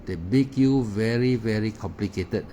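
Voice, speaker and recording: Guy teaching meditation, broken english, lots of ah and uh, mellow voice, bit of hiss behind. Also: lowish voice, moderate pace. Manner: hesitant, frequent "ah" fillers and repeated words; non-native English grammar. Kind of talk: Dharma talk.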